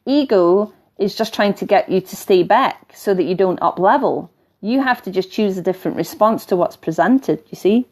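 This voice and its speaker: A middle-aged woman with a softened Scottish accent, talking casually on a live stream as a spiritual teacher, wandering off topic and laughing now and then as she coaches viewers. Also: medium pitch, normal speed. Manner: chatty and digressive, laughing often, coaching tone. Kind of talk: live-stream talk, reading viewer comments.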